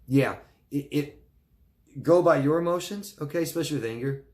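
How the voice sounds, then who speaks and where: A man's voice: on the high side, moderate pace, a little mellow. A male life coach giving advice in a live question-and-answer talk, speaking earnestly and informally, often checking in with "right?" and restarting his words.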